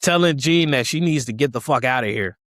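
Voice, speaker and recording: A man's voice: medium pitch, fairly quick, no echo, studio quality. A man on a podcast casually recapping a film's plot, animatedly acting out what the characters say. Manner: animated retelling, acts out quoted characters. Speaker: podcast co-host.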